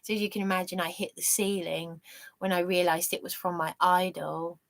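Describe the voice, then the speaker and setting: A middle-aged woman from England talking in a rambling personal monologue, halting, with many restarts and fillers. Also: fairly low pitch, fairly even intonation, gravelly, a bit bright. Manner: earnest and fervent when talking of faith. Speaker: vlogger.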